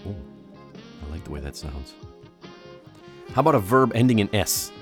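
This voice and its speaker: A man with a lowish voice and wide pitch swings co-hosts a podcast, speaking at a moderate pace over soft background music. Teasing and playful, he laughs often while running a word game, mixing casual chat with mock-sultry reading.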